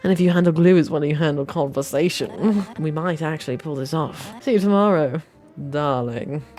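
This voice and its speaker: A woman's voice: deep voice, warm tone, faint music behind, close to an everyday voice. A woman putting on a poised, refined young woman. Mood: brisk, assured.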